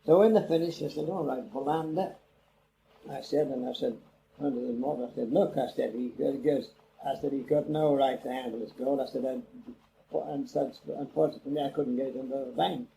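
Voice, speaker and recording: Older man, gravelly and dark-toned, rambling oral-history storyteller, faint tape hiss. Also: medium pitch, fairly even intonation, brisk, low-quality recording. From England. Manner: rambling, acts out quoted dialogue. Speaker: interviewee. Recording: old cassette interview with faint hiss.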